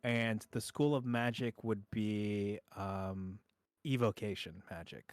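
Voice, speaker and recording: A man's voice: on the low side, slow pace, clear, resonant tone, no room sound, clean studio sound. A man running a tabletop game as game master, upbeat and full of fillers.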